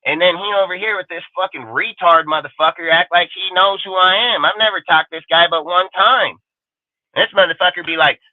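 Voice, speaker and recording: A man's voice: high voice, fairly even intonation, fairly quick, no echo. A man hosting a fan livestream, ranting in an angry, profane and defiant way. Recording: dry, phone-like narrow sound.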